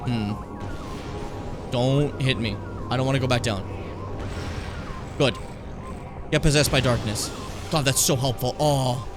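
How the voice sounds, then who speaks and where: A man's voice: medium pitch, measured pace, long pauses, over music. A man streaming a video game, talking casually and swearing, flaring into mock rage and back. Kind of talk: casual gameplay commentary.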